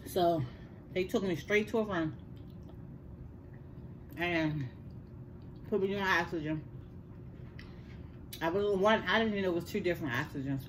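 An older woman, telling a personal story in casual chat, animated and repeating words for emphasis. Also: on the low side, normal speed, long pauses, slight background noise. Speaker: host.

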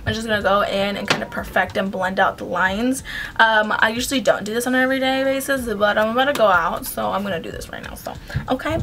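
A woman's voice: medium pitch, fast talker, pushed and bright, a little hiss or hum. A young woman chatting casually at home through a makeup tutorial, rambling with frequent "like" and "um". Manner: chatty, rambling, uses "like" and "um" often. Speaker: beauty vlogger.

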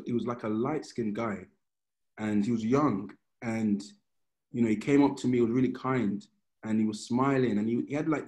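A man with a mid-pitched, everyday voice gives an informal sermon. He talks as if chatting with friends and tells stories in a loose, storytelling way. He often stops and restarts a phrase before carrying on. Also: a little mellow, rough recording. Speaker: preacher. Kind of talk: conversational sermon.

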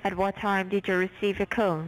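A woman's voice: mid-range voice, flat delivery, moderate pace, far from the mic, rough recording. A woman working a scam call center, reciting a formal script to callers. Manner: formal scripted, turns to insults. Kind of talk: scripted phone scam pitch.

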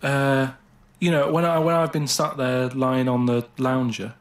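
A man on a podcast explaining his thoughts in a halting, hesitant way. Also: medium pitch, level tone. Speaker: podcast guest. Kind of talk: casual chat. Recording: roomy podcast recording.

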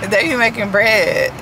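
A young woman chatting casually to her vlog camera while driving in city traffic, sounding a little nervous and laughing between thoughts. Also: on the high side. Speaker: vlogger. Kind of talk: casual car vlog chat. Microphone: camera on a car tripod. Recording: loud road noise.

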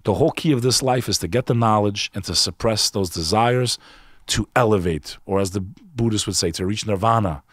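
A man's voice: lowish voice, brisk, no echo, clean studio sound. A man guest on a podcast, telling a personal story in an emphatic, earnest, casual way, often saying "bro". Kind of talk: candid conversational storytelling.

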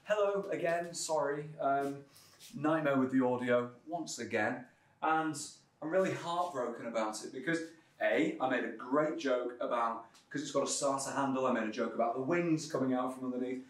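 A man's voice: medium pitch, normal speed, no echo. A British man presenting a walkaround of a classic car auction, enthusiastic, cheeky and full of jokes. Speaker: car vlogger.

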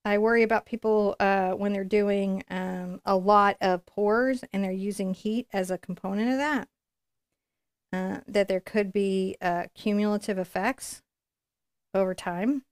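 A woman's voice: mid-range voice, steady tone, unhurried, no echo. Chatty woman teaching painting, dry sound. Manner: chatty, encouraging, thinks aloud while working. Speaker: painting instructor. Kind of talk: live painting tutorial.

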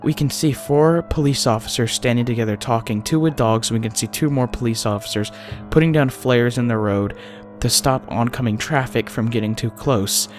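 A man tells a first-person horror story in a mid-pitched voice. He often drops to a hushed, breathy tone at tense moments. Faint music plays underneath. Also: moderate pace. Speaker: narrator.

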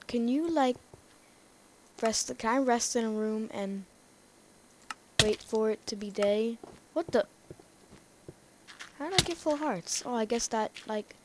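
A woman rambling through casual gameplay commentary, talking excitedly to herself and to the game's characters. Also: a little high, noisy background. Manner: rambling, excitable self-talk to the game. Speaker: let's play gamer.

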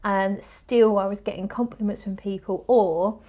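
A woman's voice: mid-range voice, steady tone, a little slow, mellow. Woman in her 40s, chatty and bubbly, rambling live-stream perfume talk, lots of restarts. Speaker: fragrance livestream host. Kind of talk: casual live-stream chat reading comments.

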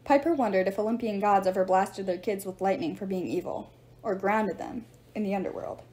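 A woman reading a novel aloud in steady storytelling narration. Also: mid-range voice, brisk. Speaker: reader.

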